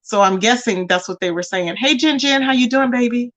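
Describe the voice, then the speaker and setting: A woman's voice: on the high side, a little fast, a bit bright. A woman casually chatting on a livestream, reading out viewer comments and calling her audience y'all and baby.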